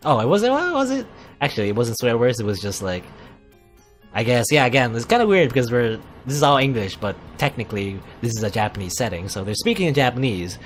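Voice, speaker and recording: A man's voice: mid-range voice, big pitch swings, fairly quick, soft background music. A man hosting a let's play, reading a visual novel aloud and rambling through his thoughts with many fillers and asides. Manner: puts on a mock posh British voice for quips.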